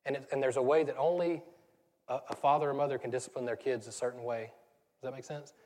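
A man's voice: medium pitch, fairly even intonation, fast, darkish tone. A man in his thirties with a Southern US accent, preaching a casual, conversational sermon that rambles and turns self-deprecating. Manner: rambling, self-deprecating, laughs at own stories. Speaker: pastor. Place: church sanctuary. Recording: church hall with long reverb.

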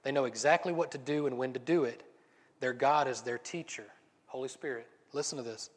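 A man preaching a sermon, reading scripture passages aloud and then explaining them in a relaxed, conversational way. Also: mid-range voice, brisk. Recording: long reverb.

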